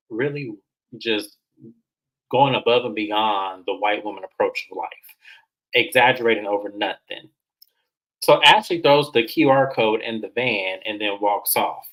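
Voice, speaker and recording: A man hosting a casual reality TV recap, animated and chatty, slipping into high voices when quoting the cast. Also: measured pace, rough recording. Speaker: host.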